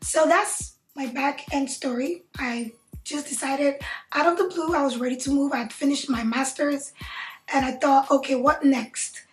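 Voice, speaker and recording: A young woman guest talks through her own story in a relaxed, easygoing way. Her voice sits high, and the room gives it a clear echo. Faint music plays underneath. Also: moderate pace. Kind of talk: casual chat. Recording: echoey room.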